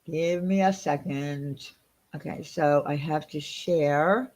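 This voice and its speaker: A woman hosting a channel in a casual livestream chat. She talks in an animated, indignant, gossipy way. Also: deep voice, slow pace. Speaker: channel host.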